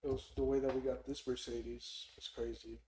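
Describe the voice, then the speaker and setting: A man's voice: medium pitch, moderate pace, slight background noise. A young man hosting a podcast, chatting casually and telling a story, acting out the people in it. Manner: animated storyteller, mimics people loudly in quotes. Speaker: podcast host. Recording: echoey room.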